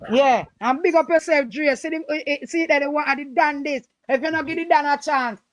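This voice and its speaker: A woman's voice: high-pitched, a little fast. A woman with a Jamaican Patois accent, calling in to talk politics, emphatic and repeating her points. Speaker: caller. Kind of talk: impassioned political call-in talk.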